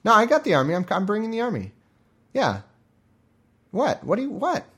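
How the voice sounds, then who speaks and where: A flustered, evasive man who stammers, backpedals and keeps piling on quick denials, his pitch leaping up and down as he squirms. A man puts him on, raising his voice well above his own. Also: wildly swooping pitch, sharp tone, slightly rough, exaggerated voice.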